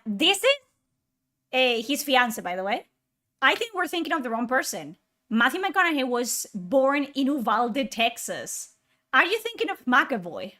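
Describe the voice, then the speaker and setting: A woman's voice: high voice, very animated, measured pace, pauses often, sharp tone. A woman ranting through a reaction video, sarcastic, incredulous and full of swearing. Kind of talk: exasperated ranting commentary.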